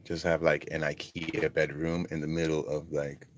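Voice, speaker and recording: A man with an extremely low voice talks loosely to his viewers, full of "like" and "um." He is outdoors, and steady background noise comes through the recording. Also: normal speed. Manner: rambling, filler-heavy talk. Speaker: vlogger livestreaming from a desert camp. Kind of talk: casual livestream chat. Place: outdoors at a desert skate park camp.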